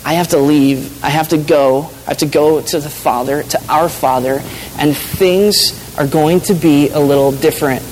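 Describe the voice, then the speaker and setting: Halting, earnest male preacher. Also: on the high side, fairly even intonation, darkish tone, slight background noise, low-quality recording. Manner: earnest, halting, with frequent restarts and fillers. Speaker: pastor. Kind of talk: sermon.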